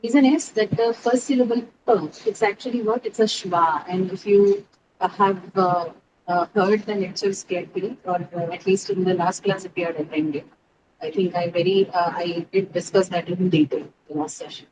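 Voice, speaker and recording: A woman's voice: fairly low pitch, moderate pace. A woman teaching an online pronunciation lesson. She explains step by step, asks questions and answers them herself, and repeats key words for emphasis. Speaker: English teacher. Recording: steady background noise.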